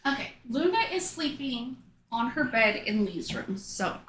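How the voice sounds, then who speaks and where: Chatty podcast lady, kinda high voice, tells little stories and says what she thinks. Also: very animated, measured pace, noisy background. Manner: chatty, warm storytelling, frank opinions. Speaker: podcast co-host. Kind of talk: casual chat.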